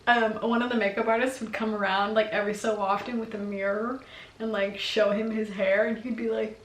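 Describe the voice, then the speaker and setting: A woman's voice: mid-range voice, level tone, a little fast. A young woman vlogger chatting casually and giggling, full of fillers. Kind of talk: casual chat. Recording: echoey room.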